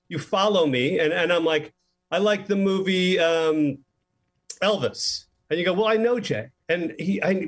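Male film director guest, slightly high voice, animated conversational storyteller. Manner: animated storyteller who acts out quoted lines. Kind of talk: casual interview chat.

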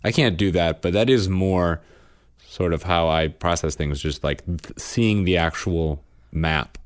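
Low-voiced man telling family stories. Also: measured pace, clean tone. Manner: rambling, animated storytelling with restarts. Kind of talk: casual chat.

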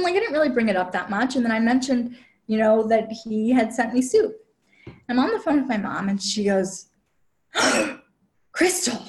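A woman guest and relationship coach telling a personal story in casual chat, full of "like" fillers and quoted asides. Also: a little high. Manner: chatty, heavy use of "like" fillers; quotes herself and others in lively asides.

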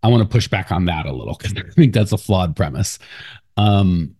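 Male podcast host, low register, casual advice-giving chat with fillers and laughs. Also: expressive, normal speed, dark tone, breathy edge. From United States. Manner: loose, talky, laughs often, lots of fillers.

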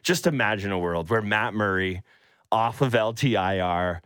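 A man hosting a morning sports radio show, chatty and playful, now and then mocking others in high voices. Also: normal speed, a bit bright, clear, resonant tone, no echo, studio quality. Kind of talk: animated sports radio chat. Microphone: studio microphone.

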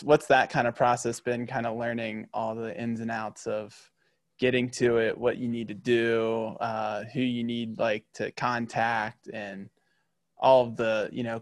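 A man hosting a casual interview, asking quick follow-up questions and laughing often. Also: medium pitch, no room sound. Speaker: podcast host.

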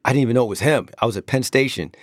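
A man's voice: medium pitch, rapid-fire, no echo, clean studio sound. A man in his fifties from the East Coast, a guest chatting casually and telling rambling anecdotes with chuckles. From East Coast of the United States. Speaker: guest, veteran hip hop producer. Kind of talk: casual interview chat.

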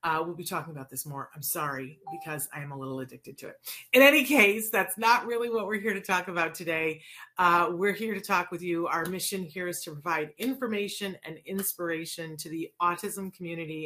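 A woman's voice: fairly low pitch, bright, forceful tone. A woman in her forties who hosts a live autism show and podcast, talking in a chatty, casual way with many fillers. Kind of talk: casual live-stream talk. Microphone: live-stream mic.

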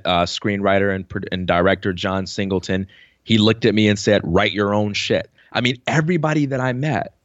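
A man's voice: lowish voice, no room sound, dull audio. A man telling stories about his career in a casual interview, acting out the voices of people he quotes. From New York. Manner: animated storyteller, acts out quoted voices. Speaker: podcast guest.

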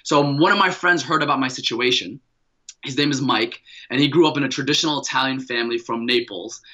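A man's voice: medium pitch, brisk, bright, forceful tone, muffled recording. A man in his thirties, a podcast guest, telling a personal story with energy, slang and many repeated words.

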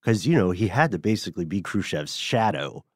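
A man co-hosting a podcast, explaining history in a measured, casual way with frequent chuckles. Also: low voice, lively intonation, a little mellow, no room sound, clean studio sound. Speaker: podcast co-host.

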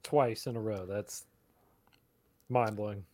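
A man's voice: lowish voice, steady tone, slow pace, mellow, dry recording. A man co-hosting a podcast in casual banter, chiming in with wry quips. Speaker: podcast co-host.

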